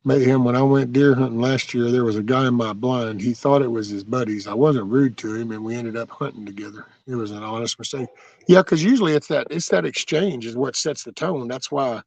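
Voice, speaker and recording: A man with a drawl talks through a casual livestream in a gravelly voice with a rough edge, telling loose, folksy stories and answering viewers. His sound is close and dry, with no room around it. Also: medium pitch, brisk, darkish tone, no echo, highs cut off. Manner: rambling, folksy storytelling with mild cursing. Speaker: livestream host.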